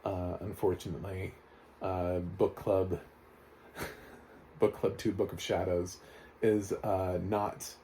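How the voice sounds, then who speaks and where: Rich: a man with a low, mellow voice giving a rambling, sarcastic film review, full of chuckles and restarts. A faint hum sits behind him. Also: level tone, slow, long pauses. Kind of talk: casual spoken review.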